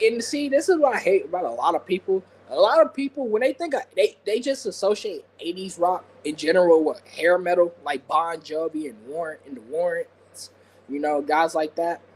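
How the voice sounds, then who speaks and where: A man's voice: sits high, expressive, moderate pace, husky, low-quality recording. A man co-hosting a casual wrestling podcast, rambling with many fillers and frequent laughs. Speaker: podcast co-host. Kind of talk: casual chat.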